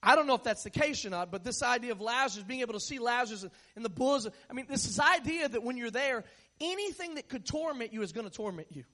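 A man preaching with an unusually high voice for a man. He talks to his listeners in a loose, conversational way and slips joking stories into his sermon. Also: bright, forceful tone.

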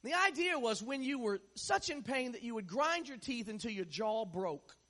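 A man preaching with an unusually high voice for a man. He talks to his listeners in a loose, conversational way and slips joking stories into his sermon. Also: sing-song, moderate pace, bright, forceful tone.

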